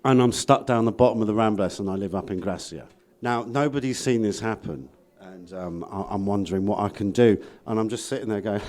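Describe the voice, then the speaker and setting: A man's voice: fairly low pitch, animated, moderate pace, darkish tone. A man telling a crude, self-mocking comic story on a radio talk show. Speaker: comedian guest. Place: radio studio.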